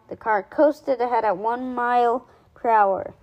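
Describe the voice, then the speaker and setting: Woman, storybook read-aloud, lively, slightly high voice, voices characters. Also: measured pace, low-quality recording. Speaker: reader. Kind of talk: reading a children's book aloud.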